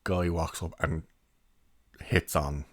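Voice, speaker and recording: A man's voice: extremely low pitch, steady tone, slow pace, no room sound, studio quality. A young man giving a rambling, chatty film review and laughing now and then as he recounts scenes. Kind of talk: casual spoken film review.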